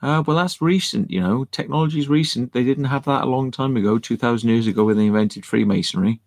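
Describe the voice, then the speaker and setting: A man's voice: mid-range voice, quick pace, a little mellow. A man rambling sardonically to camera, swearing freely as he goes. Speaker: video host. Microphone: camera mic.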